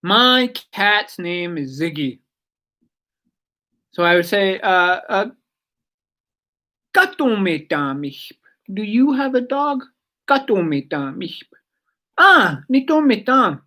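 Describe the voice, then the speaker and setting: A woman giving a casual radio language lesson, chatty and digressive, repeating words slowly for learners. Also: medium pitch, big pitch swings, sharp tone.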